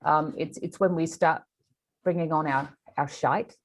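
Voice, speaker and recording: A woman, an animal communicator, telling a story in an interview in an animated way, with frequent restarts. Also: sits low, unhurried.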